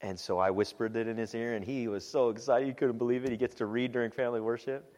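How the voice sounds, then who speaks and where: A man speaking as a pastor, giving a relaxed, conversational church teaching talk with frequent "um"s. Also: mid-range voice, fast, big-room sound. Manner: relaxed and conversational, with frequent "um"s and animated quoted asides.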